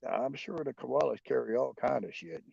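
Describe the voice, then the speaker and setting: A man's voice: medium pitch, moderate pace, creaky, darkish tone, husky, no room sound. A man streaming alone, chatting crudely and joking between laughs, on a slightly muffled, dry mic. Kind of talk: casual solo stream chat.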